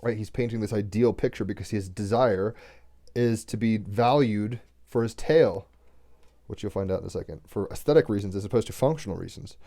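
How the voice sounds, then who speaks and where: A fairly low, mellow male voice, a little fast, belongs to an oracle card reader doing a casual daily reading. He reads from a text but keeps interrupting himself with chatty astrology asides.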